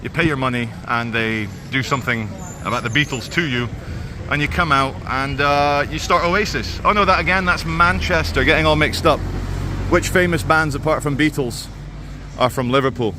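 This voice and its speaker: A man with a voice on the high side talks at normal speed into a handheld camera as he walks along a waterfront. It's a walking vlog, delivered in a sardonic, rambling style, with noise in the background.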